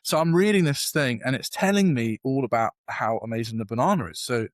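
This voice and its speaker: A man's voice: mid-range voice, fairly quick, no echo. Self-deprecating British man telling a story. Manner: animated, self-deprecating storyteller with many fillers. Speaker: guest. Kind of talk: storytelling in a podcast interview.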